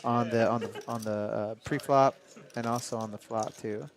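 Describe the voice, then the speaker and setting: A man co-commentating live poker, easygoing and quick to agree and laugh. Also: lowish voice, fairly even intonation, slight background noise.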